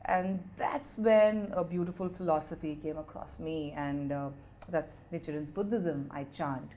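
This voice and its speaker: Indian English woman, thirties, interview guest, animated storyteller, mixes in Hindi, faint background noise. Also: low voice, measured pace. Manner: animated storytelling, mixing Hindi phrases and laughter. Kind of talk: candid conversational interview.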